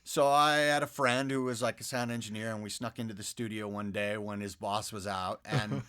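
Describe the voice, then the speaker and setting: A man, a guest voice actor, talking through animated anecdotes in a casual studio interview, with plenty of fillers and restarts. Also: on the low side, normal speed, smooth. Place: podcast studio.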